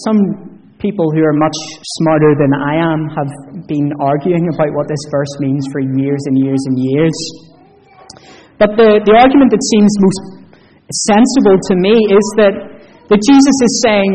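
A man's voice: a little high, normal speed, mellow, recorded from a distance, rough recording. A man giving a children's talk in a church service. He tells stories with animation and asks the audience questions. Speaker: preacher.

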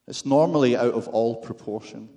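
A man's voice: mid-range voice, moderate pace, dark tone. A man with a Scottish accent preaching a sermon, with wry, self-deprecating humor and rhetorical questions to the congregation.

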